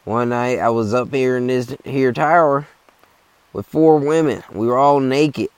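A man voicing a rowdy, rum-loving old man in a boastful, loud drawl. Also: mid-range voice, a little slow, smooth, dry recording, pitched above the performer's own voice, natural voice.

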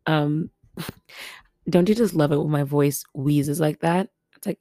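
A young woman from Los Angeles chats through her solo podcast at her family home. Her voice sits low, and she laughs often and breaks into loud exclamations. The sound is close and dry. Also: fairly even intonation, measured pace, dry recording. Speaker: podcast host. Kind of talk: casual solo podcast chat.

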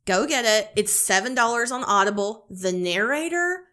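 Woman podcast co-host, bright tone, enthusiastic and profane book pitch. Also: normal speed. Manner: excited, gushing, swears freely. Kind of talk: casual chat about romance books.

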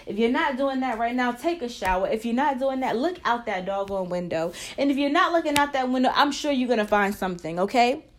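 A woman hosting a casual faith talk, earnest and encouraging, who breaks into short prayers as she speaks. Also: on the high side. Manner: earnest, encouraging, prays aloud mid-talk. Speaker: faith and marriage podcast host.

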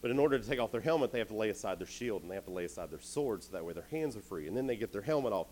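A man's voice: lowish voice, animated, racing, darkish tone, slight background noise. A young man giving a youth sermon, telling a story playfully and speaking directly to the crowd.

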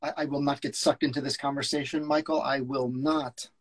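A man's voice: medium pitch, level tone, brisk, crowd noise, lightly acted. A man reading the part of a curmudgeonly older talent agent in a script read-through, flustered, stammering and sarcastic.

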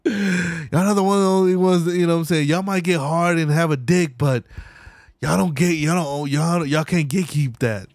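Profane animated young man ranting. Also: fairly high pitch, moderate pace, pauses often, dry recording, clean studio sound. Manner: profane, animated, slangy, laughs often. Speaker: podcast host. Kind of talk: casual solo podcast rant.

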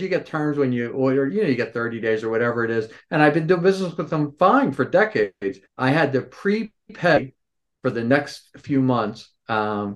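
A man in his sixties, a store owner, telling stories as a podcast guest and acting out the people in them. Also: mid-range voice. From Philadelphia area. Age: 60s. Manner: animated storyteller, acts out quoted voices. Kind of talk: storytelling interview answers.

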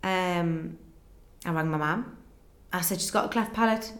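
A woman's voice: lowish voice, fairly bright tone. Earnest woman telling her story. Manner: earnest and emotional, reenacting conversations in quick back-and-forth. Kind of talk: personal storytelling in an interview. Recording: roomy echo.

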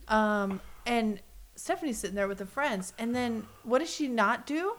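A woman co-hosting a podcast, chatting casually and animatedly, dropping into hushed asides. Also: fairly high pitch, moderate pace, a little hiss or hum. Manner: animated, drops into hushed asides and mock voices. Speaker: podcast co-host. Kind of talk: casual chat recapping a reality show.

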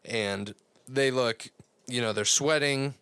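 A man's voice: medium pitch, slow, a bit bright, clean tone, no room sound. A young man casually recapping a cartoon episode on a podcast, rambling and swearing with lots of fillers. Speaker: podcast co-host.

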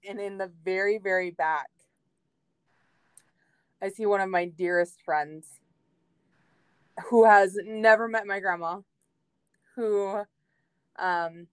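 A woman's voice: lowish voice, smooth, no room sound. A young adult woman guesting on a faith podcast, telling a personal story in an emotional, heartfelt way with many fillers. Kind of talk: casual faith podcast chat.

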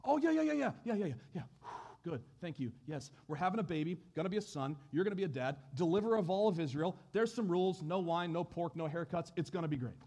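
A man voicing an excited, flustered young mother who blurts out news. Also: high-pitched, fast, hardly any pauses. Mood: rushed, giddy.

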